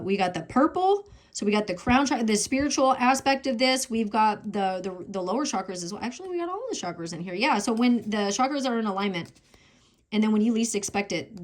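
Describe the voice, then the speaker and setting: Chatty woman giving a tarot reading. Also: mid-range voice. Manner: thinks aloud, chatty, exclaims over the cards. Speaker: tarot reader. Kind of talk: casual collective tarot reading.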